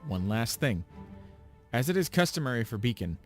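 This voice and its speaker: A man voicing a stern older male headmaster in a game read-through, speaking in a measured, formal and commanding way. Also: mid-range voice, big pitch swings, soft background music, natural voice.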